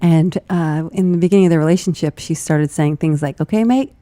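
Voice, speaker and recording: A woman speaks in a low-pitched, mellow voice, recorded close and dry. She tells stories with animated energy and laughs often. She sounds like a podcast co-host in a relaxed conversation. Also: fairly quick, no echo. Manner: animated storytelling, frequent laughter. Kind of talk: casual chat.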